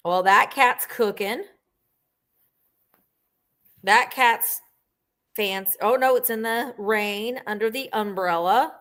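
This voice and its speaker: A woman's voice: medium pitch, fairly bright tone. A middle-aged woman hosting a live vintage sale, chatting casually and gushing as she describes each item at length.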